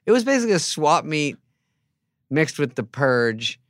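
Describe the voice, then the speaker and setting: A man in his fifties, a comedian guest, telling a story in a sarcastic, deadpan way and acting out other people's lines. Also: on the high side, moderate pace. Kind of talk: casual storytelling chat.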